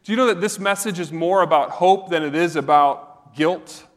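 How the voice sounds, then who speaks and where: A man's voice: high voice, moderate pace. A man preaching a sermon as a pastor, earnest and conversational, asking his listeners direct questions. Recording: long reverb of a hall.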